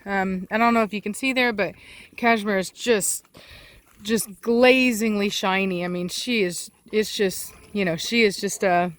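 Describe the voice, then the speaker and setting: A woman with a Texan accent, a dog breeder, chatting in a casual outdoor vlog and calling to her dogs in a high sing-song voice. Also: fairly even intonation, unhurried. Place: outdoors in a rural yard. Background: dogs barking and rural ambience.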